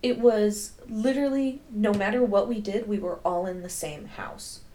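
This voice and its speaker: A woman's voice: mid-range voice, normal speed, warm tone. A woman co-hosting a podcast, chiming in with short agreeing remarks in casual chat. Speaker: podcast co-host. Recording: background noise.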